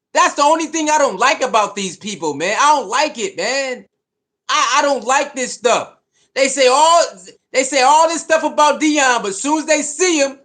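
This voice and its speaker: A speaker delivering a heated sports rant to camera, slangy and swearing, firing off rhetorical questions and shouting at critics. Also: high voice. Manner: slangy, swears, says bro and man. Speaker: sports commentator.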